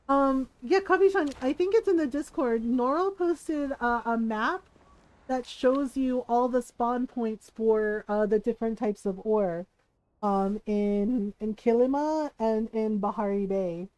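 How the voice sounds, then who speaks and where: A woman game streamer telling a family story in a casual, animated way, laughing often and swearing freely. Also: a little high, unhurried, dry recording, rough recording. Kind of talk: casual storytelling while gaming.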